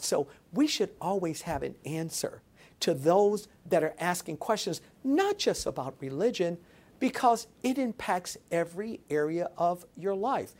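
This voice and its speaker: A woman's voice: fairly low pitch, a little mellow. A woman speaking as an interview guest, with an emphatic, preacher-like delivery. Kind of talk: animated interview talk.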